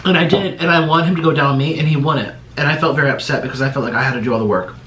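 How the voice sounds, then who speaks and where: A man hosting a mukbang eating vlog, talking to camera in a halting, strained way, his mouth numb and stinging from the spice. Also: on the high side, fairly bright tone, reverberant, a little hiss or hum. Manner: strained, halting talk while suffering from spicy food. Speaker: mukbang host.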